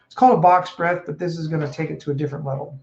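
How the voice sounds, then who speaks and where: A man coaching casually on stress and breathing, animated and acting out quoted speech. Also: on the high side, rapid-fire, vocal fry. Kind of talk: casual advice talk. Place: home room with a puppy. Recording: echoey room, dull sound, faint noise.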